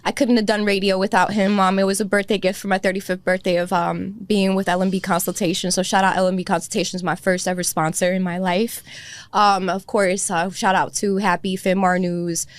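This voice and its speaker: A woman's voice: medium pitch, level tone, brisk, no echo. A woman in her thirties hosting a podcast, gushing and teary, laughing through happy tears. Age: 30s. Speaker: podcast host. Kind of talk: emotional casual chat.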